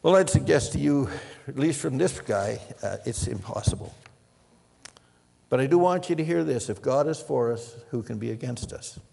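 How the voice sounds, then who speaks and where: An older man preaching a sermon, telling stories and moving between loud emphasis and hushed, quiet passages. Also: mid-range voice, lively intonation, normal speed, vocal fry, husky, long reverb tail. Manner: storytelling, swings from loud emphasis to hushed near-whispers. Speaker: pastor.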